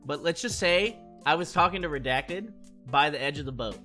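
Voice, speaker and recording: Hyped guy with a high, bright voice telling party stories on stream, faint music behind. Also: normal speed. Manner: excitable, swears, acts out quotes with big pitch swings. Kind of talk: animated storytelling recap.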